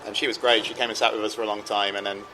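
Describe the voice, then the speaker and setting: Easygoing lower-voiced man, noisy room. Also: level tone, very fast, sharp tone. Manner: easygoing, rambling, many ums. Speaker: podcast co-host. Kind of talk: casual roundtable chat.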